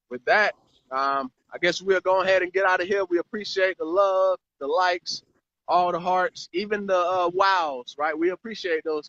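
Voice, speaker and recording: A man's voice: high-pitched, fairly bright tone, no room sound. A man hosting a casual live stream chat about marketing, rambling and repeating words. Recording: dry, slightly muffled live stream audio.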